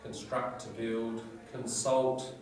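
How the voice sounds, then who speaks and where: A man's voice: medium pitch, completely flat delivery, slow pace, a little mellow. A man teaching an English vocabulary lesson, going through words one by one and asking tag questions as he explains them. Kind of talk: classroom vocabulary lecture. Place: classroom. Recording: very echoey classroom from far off.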